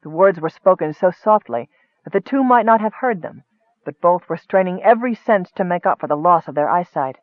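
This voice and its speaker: A man giving steady, expressive scripted narration of a fantasy novel. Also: high-pitched, fairly quick, no echo. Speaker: audiobook narrator. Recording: tinny phone-like dry sound.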